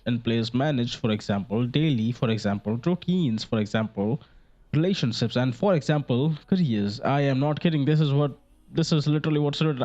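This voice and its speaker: A man's voice: mid-range voice, darkish tone, lo-fi sound. A young man around eighteen from India, rambling jokily through casual gameplay commentary, swearing now and then. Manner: rambling and jokey, with frequent fillers and swearing. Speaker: gaming video creator. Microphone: desk microphone.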